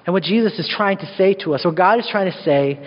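A worship pastor gives a sermon in a church sanctuary, his voice sitting high for a man. He tells the story with animated, playful asides. The sound is dull, with a long hall reverb trailing behind. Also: fast talker.

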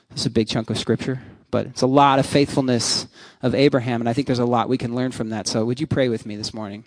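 A man's voice: mid-range voice, fairly even intonation, fast talker, no room sound. A man in his thirties, a pastor preaching a sermon in a chatty, joking way with many restarts and fillers. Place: church.

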